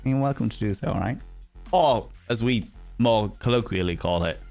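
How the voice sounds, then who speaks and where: A man's voice: on the low side, animated, normal speed, gravelly, a little mellow, soft background music. A man chatting playfully and theatrically on a game stream, laughing often. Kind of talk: casual live-stream chat.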